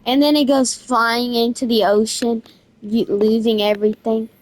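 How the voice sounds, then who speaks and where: A woman narrating a game event in a casual, excited, slangy way, restarting her sentences again and again. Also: fairly high pitch, moderate pace, dry recording. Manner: rambling storytelling with constant restarts. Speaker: gaming video creator.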